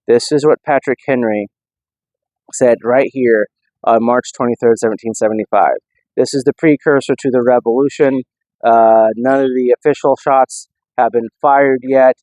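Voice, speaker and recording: Male history vlogger, casual rambling explainer, dry close audio, mid pitch. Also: steady tone, moderate pace, darkish tone, no echo, rough recording. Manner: loose, rambling delivery with many restarts. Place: inside an old church.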